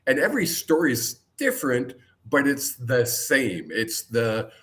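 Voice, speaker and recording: A man hosting an interview, reflecting in a relaxed, conversational way with frequent pauses on "um" before asking his guest a question. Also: mid-range voice. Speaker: host. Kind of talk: casual interview chat.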